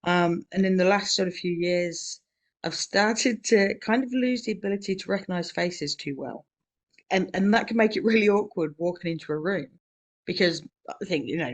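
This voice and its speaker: A woman, co-hosting a podcast in casual conversation, rambling through a story with many fillers and quick laughs. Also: fairly low pitch. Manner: quick laughs between remarks. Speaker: podcast co-host.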